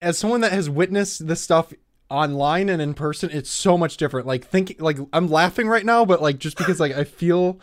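A man's voice: on the high side, brisk. A man hosting a casual podcast chat in an easygoing way, laughing between phrases. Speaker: podcast host.

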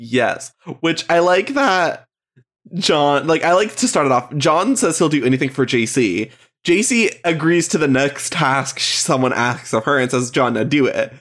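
A man co-hosting a podcast in casual chat, congested and tired, rambling and hesitant with quick laughs. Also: a little high, lively intonation, fairly bright tone. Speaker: podcast co-host.

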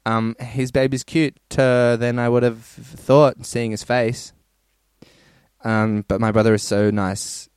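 A man's voice: mid-range voice, clear, resonant tone, no room sound, clean studio sound. A man hosting a podcast, casually reading listener stories in a crude, rambling way and laughing often. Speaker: podcast host.

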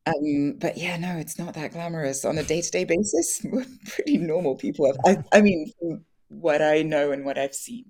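A young woman with a low voice chats candidly as an interview guest. She laughs often, pads her talk with fillers and restarts her sentences, relaxed and open. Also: normal speed, breathy edge.

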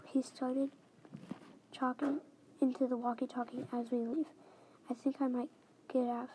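A young female reader reading her own story aloud in the first person, halting and restarting phrases as she reads. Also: high-pitched, flat delivery. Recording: faint background noise.

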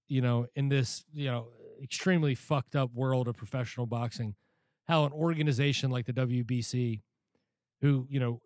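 A man hosting a boxing podcast, ranting in an animated, profane way during casual chat. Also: medium pitch, dry recording, clean studio sound. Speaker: podcast host.

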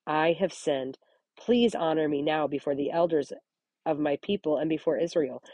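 A woman's voice: sits low, warm tone, no echo. A woman hosting a Bible reading podcast, reading scripture aloud and breaking in with earnest, chatty commentary. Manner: earnest, chatty asides between read passages.

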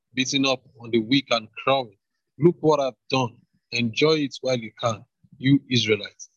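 A man reading scripture aloud at a brisk, hurried pace. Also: medium pitch, a bit bright, slightly rough, no echo, highs cut off. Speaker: scripture reader.

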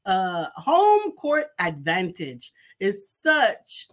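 A woman's voice: mid-range voice, wildly swooping pitch, drawn-out words. A woman co-hosting a casual live show, reading out viewer comments in a chatty, affirming way. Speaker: co-host.

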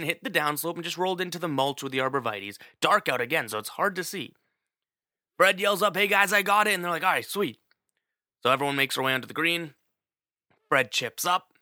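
A man with a medium-pitched, bright, forceful voice tells a story in a casual, chatty way, speaking straight to the listener and using plenty of fillers. The recording is studio quality with no echo.

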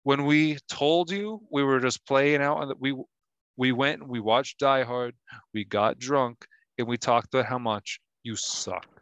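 A man playing a boastful Russian immigrant husband with a Russian accent, talking in a deadpan, needling way. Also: mid-range voice, unhurried, smooth, no room sound, dull audio. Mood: smug teasing. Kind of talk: comedy sketch acting.

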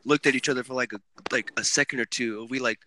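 A young man hosting a casual podcast chat, telling animated stories with lots of swearing. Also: mid-range voice, fast. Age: young adult. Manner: animated, swearing, laughing storyteller. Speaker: podcast host.

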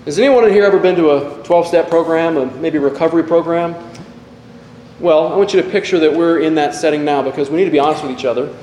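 Male pastor in his forties, bright high voice, earnest sermon with self-deprecating stories, echoey hall with long reverb. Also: quick pace, slight background noise. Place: church hall.

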